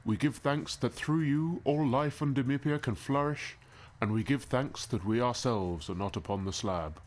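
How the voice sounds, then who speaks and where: A man's voice: mid-range voice, moderate pace, lightly acted. A man voicing a smug, cruel male sun-cult priest who preaches in a sanctimonious, mocking sermon cadence during a tabletop game. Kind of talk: acted tabletop game narration.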